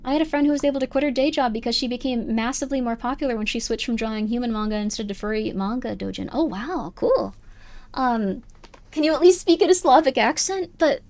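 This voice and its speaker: A woman's voice: high voice, a little fast, darkish tone, no room sound. Chatty woman streaming a game. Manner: chatty, rambling, reads game text aloud. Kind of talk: live gameplay commentary.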